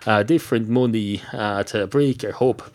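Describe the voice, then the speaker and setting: A man's voice: on the low side, normal speed, darkish tone, natural voice. An Irish man playing a flustered barman. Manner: flustered, exasperated. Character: weary, flustered male barman.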